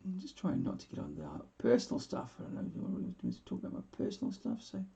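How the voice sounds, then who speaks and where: A man in his forties hosting a live painting stream, chatting casually and rambling with chuckles, often trailing off into quiet mumbles. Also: sits high, huge pitch swings, fast talker, vocal fry, highs cut off. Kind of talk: casual chat while painting.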